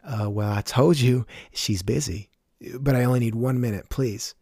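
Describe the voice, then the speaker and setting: A man's voice: mid-range voice, moderate pace, warm tone, breathy edge, dry recording, clean studio sound. A man voicing a young female cashier with a Southern US accent, overly cheery and then curt. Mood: gossipy.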